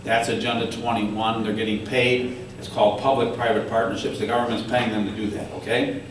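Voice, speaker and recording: A man's voice: fairly low pitch, a little fast, recorded from a distance, a little hiss or hum. A man telling stories at a political forum, acting out officials as he quotes them. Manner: animated storytelling, acts out quoted officials. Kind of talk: speech to an audience. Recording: very echoey room recorded from afar.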